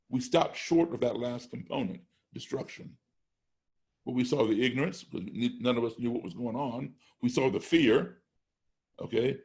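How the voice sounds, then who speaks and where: A man's voice: medium pitch, gravelly. A middle-aged American man talking as a podcast guest, telling a story with emphatic, step-by-step points. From United States. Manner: emphatic, builds points step by step, acts out classroom exchanges. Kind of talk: conversational storytelling.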